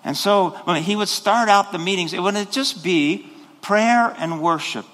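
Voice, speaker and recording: A man's voice: high-pitched, unhurried, fairly bright tone. A man preaching a sermon as pastor, rambling with restarts and then rising into sudden passionate bursts. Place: church sanctuary. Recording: long hall reverb.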